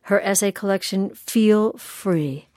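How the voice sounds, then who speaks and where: A woman hosting a radio show, introducing her guest and asking relaxed, conversational questions. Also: medium pitch, slow, no echo, studio quality. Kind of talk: radio interview.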